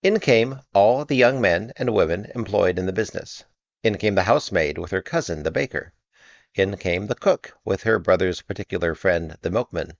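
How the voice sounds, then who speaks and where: A man narrating an audiobook with measured, expressive storytelling. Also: sits low, dry recording, dull audio. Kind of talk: audiobook reading.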